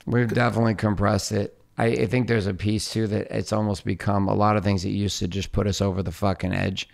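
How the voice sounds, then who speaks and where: Middle-aged male podcast host, gravelly and low-pitched, candid and profane. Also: level tone, a little fast. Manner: candid and profane, acts out arguments. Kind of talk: casual podcast conversation.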